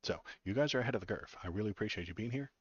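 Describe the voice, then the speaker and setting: A low-voiced man hosting a casual livestream, ranting with sarcastic disgust and joking with his chat. His voice is dry and close, with no room sound. The audio is a bit dull and muffled. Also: expressive, rapid-fire, husky, no room sound. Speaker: political livestream host.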